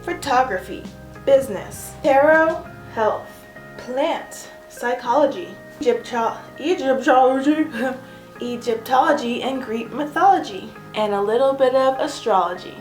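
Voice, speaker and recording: A woman's voice: a little high, expressive, unhurried, faint music behind. A young woman giving a casual, self-mocking tour of her home art studio, chatty and giggly. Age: young adult. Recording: echoey room.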